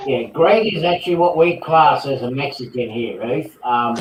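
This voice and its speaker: A man's voice: mid-range voice, moderate pace, background noise. An Australian man with a teasing, welcoming manner, hosting a casual online group chat. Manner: teasing, welcoming, repeats himself. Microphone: computer mic on a video call. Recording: echoey room, far from the mic.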